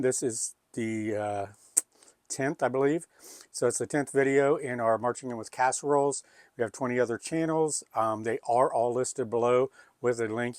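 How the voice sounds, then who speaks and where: A man's voice: mid-range voice, no room sound, studio quality. A man hosting a home cooking video, talking in a folksy, chatty, rambling way. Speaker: cooking channel host. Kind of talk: casual cooking video chat. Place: home kitchen.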